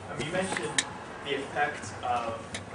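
A man in the audience asking a long question in a hesitant way, with many pauses and fillers. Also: mid-range voice, animated. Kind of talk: question from the floor. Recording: echoey hall from far off, clear noise.

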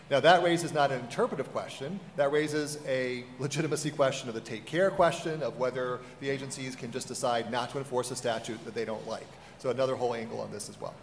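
Fast-talking animated man on a panel. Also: mid-range voice, a little hiss or hum. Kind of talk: panel discussion. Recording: reverberant hall.

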